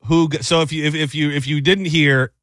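A man's voice: on the high side, steady tone, brisk, fairly bright tone, dry recording, clean studio sound. Rambling young man on a morning show. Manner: rambling, stammers and repeats himself, playful. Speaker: radio co-host. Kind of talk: casual morning-show banter.

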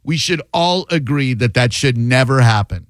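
A man's voice: medium pitch, lively intonation, normal speed, dry recording. A man hosting a call-in radio talk show, blunt and opinionated, sometimes repeating words when he gets heated. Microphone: studio microphone.

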